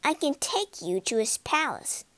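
A woman doing a gruff, barking gatekeeper. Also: high voice, big pitch swings, a bit bright, no echo, pitched above the performer's own voice, exaggerated voice. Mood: firm. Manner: brisk, barking. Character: gruff male palace gatekeeper and guard.

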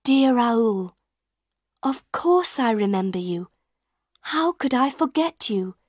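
A woman reading the part of a gentle young woman writing to the man she loves. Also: a little high, expressive, slow, no room sound, studio quality, pitched above the performer's own voice. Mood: tender. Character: tender young woman writing to her sweetheart.

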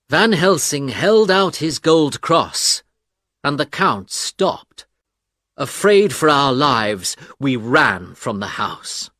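A man reading a story aloud as narrator, in a slow, dramatic storytelling manner. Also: mid-range voice, expressive, sharp tone, dry recording, studio quality. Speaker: audiobook narrator. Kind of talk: scripted narration.

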